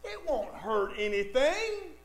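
A man's voice: very high voice, very animated, slow, reverberant, full character voice. A man voicing a sly, tempting male devil inside a sermon, wheedling and pushy. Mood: coaxing.

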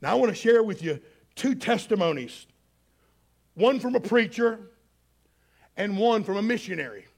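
A man preaching a sermon, telling stories dramatically and swinging between loud and hushed delivery. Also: high-pitched, lively intonation, normal speed, gravelly, pauses often. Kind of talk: sermon storytelling.

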